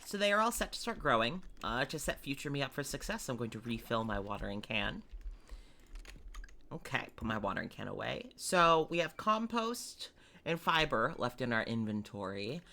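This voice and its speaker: A woman's voice: extremely low pitch, sing-song, moderate pace, pushed and bright. A woman streaming a farming game, chatting casually and explaining how things work. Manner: chatty and explanatory, with small laughs. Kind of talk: casual let's-play commentary.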